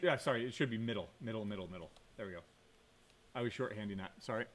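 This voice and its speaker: A man's voice: lowish voice, fairly bright tone. A man giving a computer science lecture while coding, thinking aloud, quizzing the class and correcting himself.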